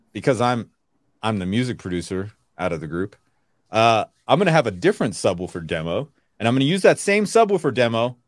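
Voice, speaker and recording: A man in easy podcast chat, blunt and given to swearing, who laughs a lot as he talks. His voice sits at an ordinary middle pitch. The recording is close and dry, with no room sound. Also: no room sound. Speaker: podcast co-host. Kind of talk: casual chat.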